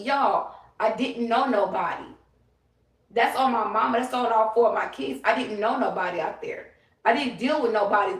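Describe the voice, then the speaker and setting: A woman's voice: on the high side, recorded from a distance. A woman ranting on a livestream, profane, emphatic and confrontational. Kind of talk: livestream rant. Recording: roomy, away from the mic.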